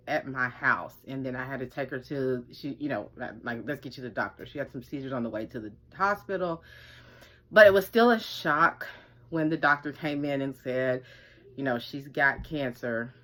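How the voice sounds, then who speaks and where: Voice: medium pitch, normal speed, fairly bright tone. A survivorship coach telling a personal story in loose, casual talk, rambling with lots of fillers and acting out quoted speech. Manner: rambling, many "like" and "you know" fillers, acts out quoted speech.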